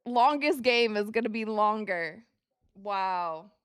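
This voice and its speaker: A young woman hosting a live basketball watch party, calling plays excitedly and talking to her viewers. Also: medium pitch, slow pace, clean tone, no room sound, clean studio sound. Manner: excitable, reacts loudly to plays, talks to viewers as you guys. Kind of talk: live game commentary to chat.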